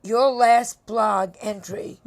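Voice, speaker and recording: A woman's voice: fairly high pitch, steady tone, slow pace. An older woman hosting a casual talk show, interviewing her guest with brash, teasing jokes. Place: bedroom set.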